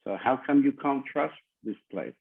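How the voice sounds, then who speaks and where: A man's voice: medium pitch, animated, normal speed, gravelly, breathy edge. A man, a spiritual teacher, speaking bluntly and insistently in an online group meeting and hammering his points home. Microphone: video call. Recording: tinny video call audio.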